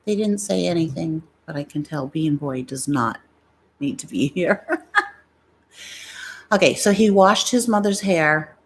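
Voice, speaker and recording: Middle-aged woman live-streamer from New York, chatty and blunt, lower-pitched, close ASMR mic. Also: lively intonation, a little slow, long pauses, breathy edge. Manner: chatty and blunt, many "like" fillers, tangents. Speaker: YouTube live-stream host. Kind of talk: casual live-stream chat. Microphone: ASMR microphone.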